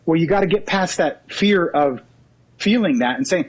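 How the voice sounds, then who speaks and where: A man's voice: fairly high pitch, animated, moderate pace, dull audio. A man, a real estate agent, telling stories and acting out both sides of a doorstep conversation as a podcast guest. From California. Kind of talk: animated storytelling with acted-out dialogue. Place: mobile office.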